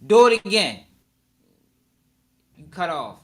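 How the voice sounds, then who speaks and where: A man's voice: high-pitched, lively intonation, moderate pace. A man giving casual, slangy live reaction commentary, talking freely and laughing along. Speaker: reaction streamer.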